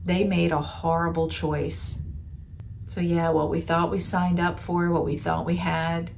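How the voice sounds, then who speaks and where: A woman's voice: lowish voice, little pitch movement, measured pace, creaky, a little mellow, slight background noise. A woman coach guiding listeners through an imagery exercise, talking in an earnest, conversational way and often repeating words as she goes. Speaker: betrayal recovery coach. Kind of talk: guided imagery talk to listeners.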